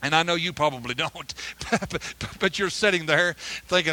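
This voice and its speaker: A middle-aged man preaching a sermon with personal testimony, telling his story with animated energy, stammered restarts and frequent hallelujahs. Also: a little high, normal speed. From United States. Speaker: preacher, missionary.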